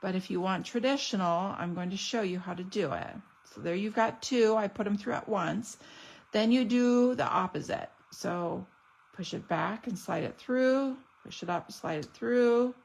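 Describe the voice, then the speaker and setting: A woman's voice: medium pitch, moderate pace, creaky, low-quality recording. A woman showing off craft products in a casual unboxing video, gushing and chatty. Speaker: stamping demonstrator.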